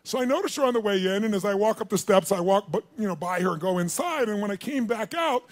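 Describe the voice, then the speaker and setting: High-pitched, animated male seminar speaker. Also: quick pace. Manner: animated, acts out dialogue, calls on the audience. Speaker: motivational speaker. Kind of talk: storytelling seminar talk to a live audience.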